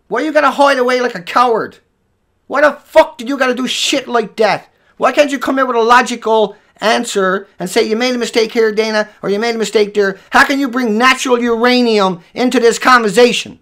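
A man hosting a livestream who rants furiously, hurling profane insults and sometimes shouting. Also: extremely high pitch, brisk. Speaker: livestream host. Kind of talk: angry livestream rant.

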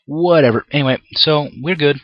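A man's voice: a little high, normal speed, lo-fi sound. A young man commenting on his own gameplay, often frustrated and ranting at the game with mild swearing. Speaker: gameplay video creator.

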